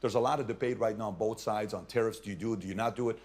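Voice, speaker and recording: A man explaining economics through a salesman's hypothetical, animated and persuasive. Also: on the low side, racing.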